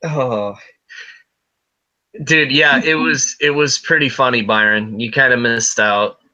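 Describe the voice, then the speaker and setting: A man's voice: medium pitch, slow pace, sharp tone, dull audio. A man co-hosting a wrestling podcast, chatting casually with crude, profane jokes. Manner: crude, joking, profane banter. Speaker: podcast co-host. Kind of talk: casual chat.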